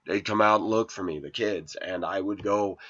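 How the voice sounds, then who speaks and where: Man, lower voice, aggrieved monologue vlogger, muffled lo-fi audio. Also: moderate pace, a bit bright. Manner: aggrieved, complaining, voice rising when quoting arguments. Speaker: vlogger telling a personal story. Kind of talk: rambling first-person monologue. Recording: lo-fi dull sound.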